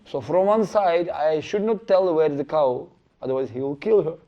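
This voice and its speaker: A middle-aged man giving a spiritual lecture, telling stories in an animated way and acting out the quotes, on a dull lo-fi recording. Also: fairly high pitch, moderate pace. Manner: animated storytelling with acted-out quotes. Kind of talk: sermon storytelling.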